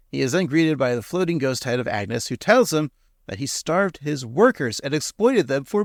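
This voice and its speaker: A podcast host with a mid-range voice teases his co-host in an animated way during a casual episode recap. He speaks at a moderate pace, and the studio-quality recording is dry.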